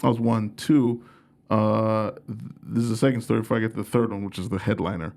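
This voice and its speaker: A man's voice: fairly low pitch, steady tone, fast talker, creaky, a little mellow. Young male comedian guest, casual storyteller, profane and self-mocking.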